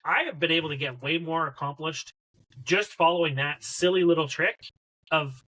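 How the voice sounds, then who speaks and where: Bright, candid man on a podcast. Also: on the high side, normal speed, poor audio. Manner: candid, animated storytelling. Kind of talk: casual podcast chat.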